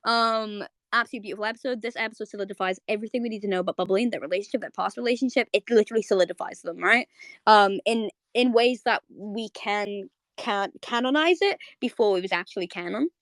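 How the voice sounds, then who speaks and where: A woman's voice: mid-range voice, fast talker, dry recording. A young woman hosting a live audio chat, rambling with many restarts as she recaps a favorite cartoon episode. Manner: rambling, fillers and restarts, excitable. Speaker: host. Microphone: streaming audio mic.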